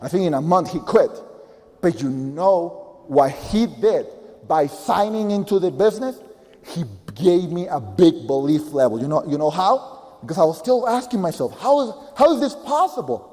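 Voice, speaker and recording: A man with a Spanish accent, a native Spanish speaker, giving an energetic, emphatic and repetitive motivational speech as a business coach. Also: a little high, moderate pace, big-room sound.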